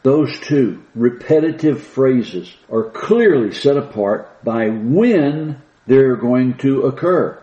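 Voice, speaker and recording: A man preaching a sermon, slowing down and lifting his voice to stress the scripture he reads. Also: mid-range voice, expressive, warm tone, echoey room, lo-fi sound. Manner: slow, emphatic reading of scripture with rising stress.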